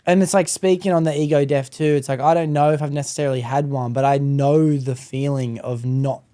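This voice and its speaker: Mellow podcast host. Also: male voice, mid-range voice, brisk. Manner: relaxed, slangy, reflective. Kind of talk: casual chat.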